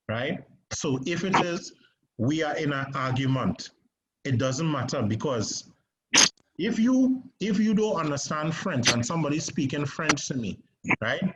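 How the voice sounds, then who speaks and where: A man's voice: medium pitch, expressive, unhurried. A man teaching a stage acting class, coaching his students and checking in with "right?" as he explains. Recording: muffled classroom recording with background noise.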